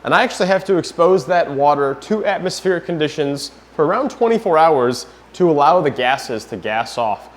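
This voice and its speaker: A young man from New Hampshire chatting to camera in a casual home vlog, joking as he works. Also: on the high side. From New Hampshire, USA. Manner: chatty, jokey, talks to camera while working. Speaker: fish-keeping vlogger. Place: home basement and rooms.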